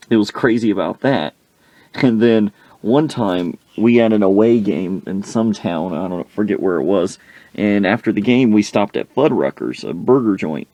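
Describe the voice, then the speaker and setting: Lively low-voiced male podcast host. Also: no room sound. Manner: animated, slangy storytelling. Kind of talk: comic storytelling.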